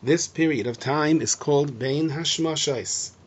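A man explaining Mishnah to students, lively and acting out the lines he quotes. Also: a little high, measured pace, slightly rough. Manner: animated, acts out shouting and gentle speech. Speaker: Torah teacher. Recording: dull lo-fi recording.

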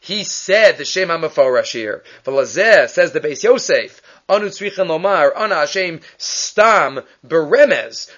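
Guy with a fairly high voice giving a talmud lesson, asks himself questions n answers them, kinda muffled lo-fi audio. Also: a bit bright. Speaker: Torah teacher. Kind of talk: Talmud class lecture. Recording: muffled, lo-fi recording.

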